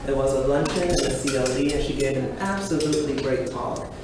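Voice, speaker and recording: A woman's voice: a bass voice, fairly quick. A woman in her forties from Brooklyn introducing a keynote speaker, with fillers and small laughs. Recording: echoey room, voice from far off, noisy.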